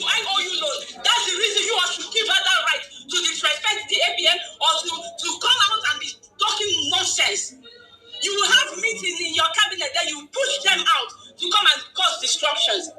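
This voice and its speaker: A woman ranting angrily as a caller on an online audio space, shouting, stammering and repeating herself. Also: extremely high pitch. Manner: heated, repetitive, shouting and stammering. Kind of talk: angry political rant. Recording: echoey, distant from the mic.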